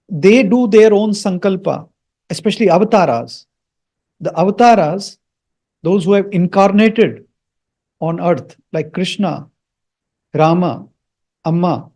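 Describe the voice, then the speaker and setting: A man teaching the meaning of a Sanskrit mantra, slowly repeating each word for learners. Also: high-pitched, darkish tone. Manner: slow, repeats words for learners.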